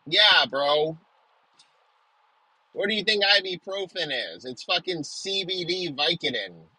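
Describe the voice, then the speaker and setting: A man's voice: high voice, a little slow, sharp tone, breathy edge, no room sound, low-quality recording. A man delivering an aggressive comedic rant, swearing nonstop and hurling insults.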